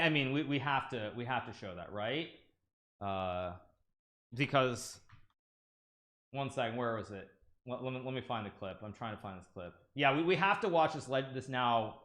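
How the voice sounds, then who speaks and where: A man's voice: medium pitch, measured pace, long pauses. A man on a live stream reading a news article aloud to viewers and commenting casually, stumbling and restarting often with amused asides. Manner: animated, frequent restarts and stammers, amused asides.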